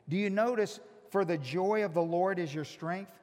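A male pastor preaching a sermon, teasing his congregation and swinging from loud shouts to hushed, drawn-out emphasis. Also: sits high. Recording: long reverb of a large hall.

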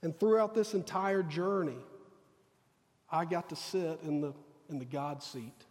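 A man's voice: a little high, unhurried, darkish tone, big-room sound. A man preaching a sermon, telling a personal story earnestly and acting out the dialogue. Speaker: pastor. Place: church sanctuary.

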